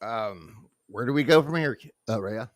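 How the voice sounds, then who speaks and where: A man's voice: mid-range voice, expressive, normal speed. A man co-hosting a podcast, reacting briefly and asking short questions. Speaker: podcast co-host. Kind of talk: casual podcast chat.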